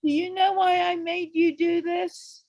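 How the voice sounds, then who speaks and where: A woman's voice: very high-pitched, flat delivery, a little slow, a little mellow, dry recording, low-quality recording. A woman hosting an English conversation show on a video call, coaching a learner in an emphatic way and repeating words for stress. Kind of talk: encouraging casual chat.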